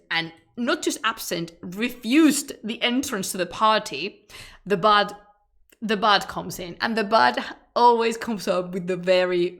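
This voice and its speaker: A chatty woman with as her talks loosely to her stream viewers, laughing and circling back mid-sentence. Her voice sits at a middle pitch. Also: a bit bright. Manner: chatty and laughing, with frequent restarts and fillers. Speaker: streamer, history channel host. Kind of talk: casual live-stream chat to viewers.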